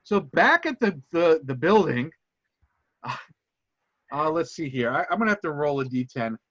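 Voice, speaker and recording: A man runs a tabletop game, rambling and restarting his sentences as he describes each scene. His voice is fairly high and swings widely in pitch. The recording is dry and slightly muffled. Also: big pitch swings, moderate pace, fairly bright tone, no echo. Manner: rambling, self-correcting narration. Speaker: game master.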